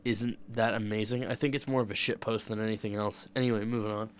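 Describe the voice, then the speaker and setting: A man's voice: fairly low pitch, flat delivery, quick pace, clear, resonant tone. A young man streaming and chatting casually, rambling and swearing, often breaking off and restarting his sentences. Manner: rambling, profane, self-interrupting. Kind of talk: casual chat.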